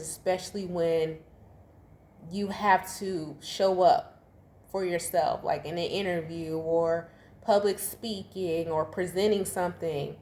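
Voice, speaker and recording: A woman's voice: fairly low pitch, a little mellow. A woman in her thirties giving a casual tarot reading, chatty and slangy, laughing often. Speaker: tarot reader. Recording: echoey room, faint ambience.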